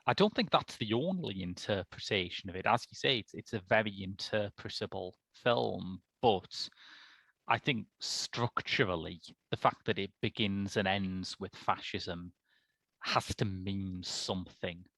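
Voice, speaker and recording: A man co-hosting a casual podcast, discussing a film in an articulate, wry way with animated asides. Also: low-pitched, measured pace, creaky, no room sound. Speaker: podcast co-host.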